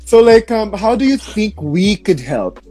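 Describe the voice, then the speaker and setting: A man's voice: sits high, sing-song, a little slow, mellow, faint music behind. A young man hosting a live interview, chatty and sympathetic, with loose casual fillers. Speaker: interview show host.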